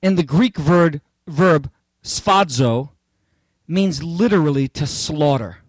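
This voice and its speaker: A man preaching an expository sermon, animated and theatrical, joking with the congregation as he works through the verses. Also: fairly high pitch, slow, dry recording.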